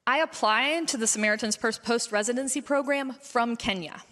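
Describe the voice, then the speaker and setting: A woman's voice: fairly high pitch, fairly quick, bright, forceful tone. A woman pediatrician in her thirties giving an earnest personal testimony at a mission conference, her voice rising as the story grows emotional. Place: large conference hall. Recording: long hall reverb.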